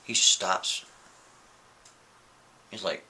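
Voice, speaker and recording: Male storyteller, chatty and animated, forceful bright voice, checks in constantly. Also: medium pitch, normal speed. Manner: casual, keeps asking "right?". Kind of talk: spooky story narration.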